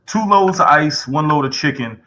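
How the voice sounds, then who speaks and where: A man's voice: on the high side, animated, moderate pace, sharp tone, poor audio. A man chatting as a podcast guest, laid-back and rambling, with street slang. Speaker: podcast guest, truck driver. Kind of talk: casual chat.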